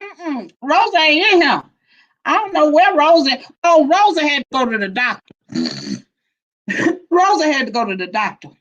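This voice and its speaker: A woman hosts a casual livestream, greeting her viewers by name with a high voice that swoops up and down. She talks at an unhurried pace and laughs often, and the stream audio sounds dull and lo-fi. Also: animated, a bit bright. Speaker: livestream host. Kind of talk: casual chat reading viewer comments.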